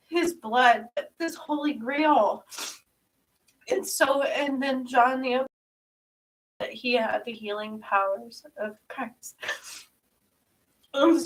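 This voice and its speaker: A woman channeling a spiritual vision, crying and short of breath, halting and repeating herself as she laughs through tears. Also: fairly high pitch, a bit bright, recorded from a distance, rough recording. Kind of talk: emotional channeling session.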